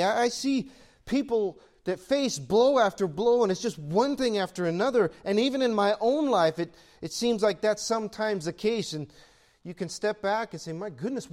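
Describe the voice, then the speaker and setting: A man's voice: sits high, darkish tone. A man preaching a sermon in a conversational style that swells into emphatic peaks. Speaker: pastor.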